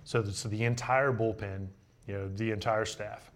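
A young man, a baseball pitcher guesting on a show, telling relaxed, joking stories in casual chat. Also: normal speed. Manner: laid-back, joking anecdotes with laughs.

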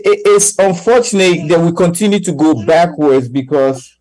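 A man co-hosting a radio talk show, talking casually and haltingly with many fillers. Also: on the high side, warm tone, no room sound, poor audio. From Ghana. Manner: halting, full of "you know" fillers. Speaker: radio co-host.

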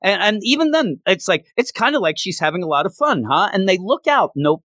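A man's voice: high-pitched, very animated, brisk, a bit bright, dry recording. A man chatting casually as a podcast co-host, laughing often and acting out characters' lines as he recaps. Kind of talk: casual chat recapping a show.

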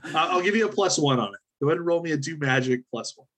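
A man running a tabletop role-playing game as game master, relaxed and joking as he rules on dice rolls. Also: on the high side, very fast, husky.

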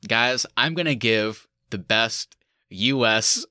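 A man's voice: medium pitch, slow, pushed and bright, smooth, dry recording, clean studio sound. A man co-hosting a movie review podcast in casual chat, with sarcastic mock speeches and frequent laughter. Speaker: podcast co-host.

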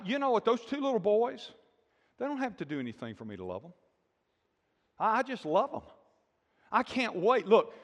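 An older man, a grandfather, preaching a sermon with emphatic declarations that drop to hushed, intimate asides. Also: high-pitched, in a large hall. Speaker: pastor.

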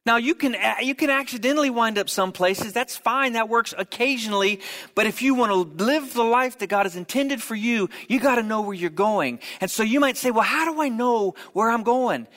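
Animated high-voiced preacher in a hall. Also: male voice. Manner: humorous, animated storytelling with quick asides. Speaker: pastor. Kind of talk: sermon.

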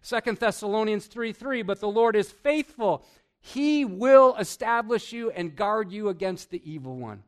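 Animated preaching man with a lightly raised pitch. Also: measured pace. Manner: animated, swings between loud emphasis and hushed asides; asks the congregation questions, chuckles often. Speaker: pastor. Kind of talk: sermon.

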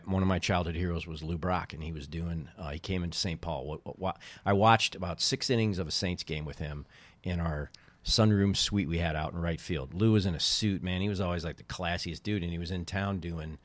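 Man, middle-aged, very deep voice, dry recording, casual rambling storyteller. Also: dry recording. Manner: rambling, self-interrupting storyteller. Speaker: podcast guest, former baseball team co-owner.

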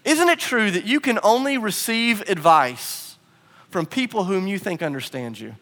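A man preaching a sermon as pastor, animated in his storytelling and acting out the quotes. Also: sits high, big-room sound.

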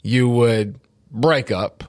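A middle-aged man co-hosts a casual talk show, voice sitting at an ordinary middle pitch. He tells his stories with animated emphasis. He often repeats a word or two as he gets going. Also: drawn-out words. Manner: storytelling, animated, repeats words when starting sentences. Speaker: podcast co-host. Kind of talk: casual faith and life talk.

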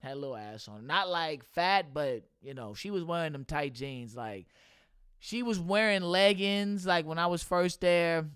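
High-voiced young man, loose and profane. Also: expressive, measured pace, fairly bright tone, clear, resonant tone, no echo, studio quality. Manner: loose, profane, laughs often. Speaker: podcast host and substitute teacher. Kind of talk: casual podcast chat.

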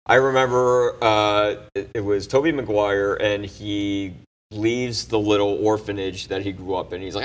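A man's voice: fairly low pitch, steady tone, normal speed. A man on a casual podcast panel, telling a story loosely with casual swearing.

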